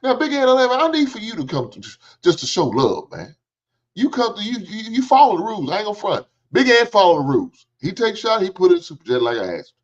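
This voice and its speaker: A man's voice: sits high, wildly swooping pitch, fast talker. A middle-aged man, hosting a livestream in casual, joking storytelling chat and swearing freely. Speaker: livestream host. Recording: dull lo-fi stream audio.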